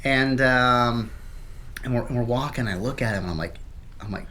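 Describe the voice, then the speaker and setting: A man's voice: medium pitch, normal speed, bright, forceful tone, a little hiss or hum. A young adult man co-hosting a casual podcast, telling a profane story and acting out the quotes. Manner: laughing, profane, acts out quotes. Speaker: podcast co-host.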